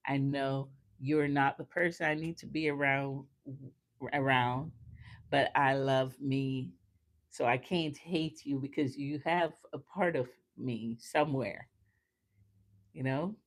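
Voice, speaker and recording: A woman hosting a casual chat, telling personal stories earnestly and laughing often as she goes. Her voice sits quite low and she speaks slowly. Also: steady tone. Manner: earnest, faith-filled. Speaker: host.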